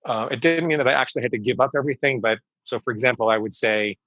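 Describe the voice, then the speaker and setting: Bright-voiced man in his fifties, emphatic. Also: medium pitch, quick pace, dry recording, poor audio. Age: 50s. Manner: emphatic, explanatory, repeats key phrases. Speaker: guest psychologist. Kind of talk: conversational interview storytelling.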